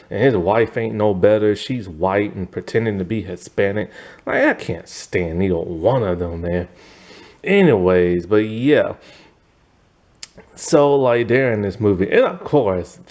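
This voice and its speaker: A man's voice: lowish voice, a little mellow. A man giving a casual, rambling movie review, opinionated and full of "like" and "man".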